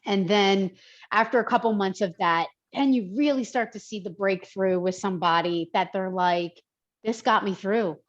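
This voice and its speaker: A woman's voice: medium pitch, moderate pace, muffled recording. A woman personal trainer talking in a podcast conversation, emphatic and heartfelt.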